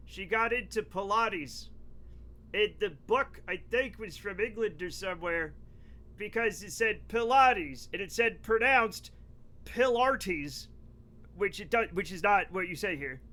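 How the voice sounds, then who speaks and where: A middle-aged man from the United States, streaming live and joking loudly with his chat as he rants about pronunciation. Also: high-pitched, a little slow.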